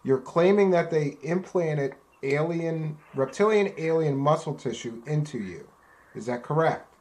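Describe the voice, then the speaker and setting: A man's voice: a little high, animated, unhurried, a little mellow. A male host questioning a guest, pressing insistently for a direct answer. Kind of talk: interview questioning.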